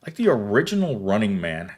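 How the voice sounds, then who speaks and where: A man in his thirties hosts a loose, chatty livestream. He rambles from one viewer comment to the next and often breaks into laughter. His pitch rises and falls a lot. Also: sing-song, fairly quick. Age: 30s. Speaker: livestream host reading viewer chat. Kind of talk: casual chat.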